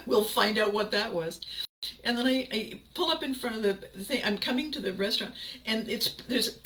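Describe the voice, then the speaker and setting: Pitched a little high, her voice sounds pushed, bright and animated at a normal speed as she hosts her podcast. She recounts something personal casually and energetically, laughing a lot and performing her reactions, though the recording is rough.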